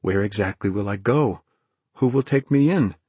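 A restless young prince broods aloud, questioning himself in a low voice, as a male reader plays him. The voice is husky and close, with a dry storybook feel. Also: moderate pace, a little mellow, no room sound. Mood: anxious. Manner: brooding inner monologue.

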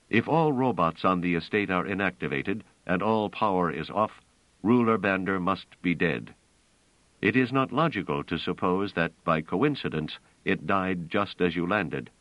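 A man's voice: low voice, no room sound. A man voicing a tall guardian robot that speaks in a cold, incisive, formal way. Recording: dull lo-fi dry recording.

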